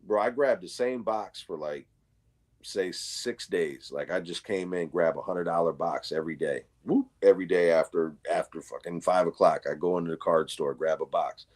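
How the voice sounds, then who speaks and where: A man's voice: deep voice, moderate pace, darkish tone. A man in casual chat, telling a story with slang and swearing. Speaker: livestream co-host.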